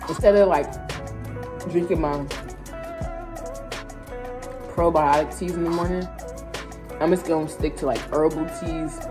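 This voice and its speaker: A young woman with a Philadelphia accent talks straight to her viewers in a loose, slang-heavy vlog, her voice sitting low. She films on a phone held at arm's length, and music plays clearly under her talk. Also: steady tone, measured pace, long pauses. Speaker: vlogger. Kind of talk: casual vlog chat. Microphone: phone camera at arm's length.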